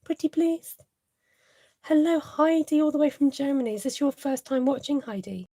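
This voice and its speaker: A woman's voice: high voice, fairly quick, dark tone, no room sound. A woman hosting a live card-making tutorial, chatting to viewers and laughing often as she works.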